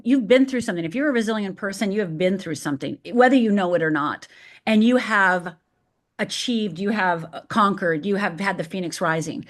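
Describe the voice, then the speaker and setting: A woman guest, a life coach, answering in an emphatic, motivational way. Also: mid-range voice. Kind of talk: interview answer.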